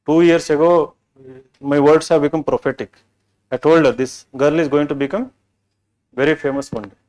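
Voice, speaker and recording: A man's voice: a little high, steady tone, normal speed, darkish tone, low-quality recording. A man with an Indian English accent giving an orientation lecture to exam students, talking in a chatty, digressive way and often asking "right?". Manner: chatty, digressive, peppered with "right?" and "you know". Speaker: exam coaching teacher.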